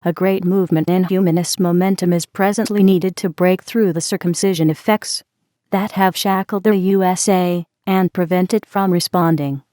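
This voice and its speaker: A woman narrating a novel in an even, steady reading voice. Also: fairly low pitch, moderate pace, dry recording, studio quality.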